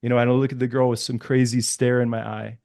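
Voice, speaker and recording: A man's voice: mid-range voice, flat delivery, quick pace, gravelly, darkish tone, dry recording. Dry-voiced man musing on a panel. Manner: reflective, searches for words. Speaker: dating coach. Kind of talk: casual panel chat.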